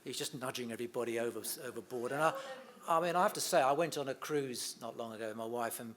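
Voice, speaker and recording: Speaking at a quick pace in a mid-range voice, a middle-aged interviewee reminisces about his late father, a comedian. He tells anecdotes in a chatty way, laughing often and performing the quoted lines.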